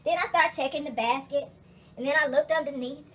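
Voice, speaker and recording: A woman's voice: high voice, fairly quick, a bit bright. A young adult woman vlogger retelling a story as a rant, profane, emphatic and exasperated.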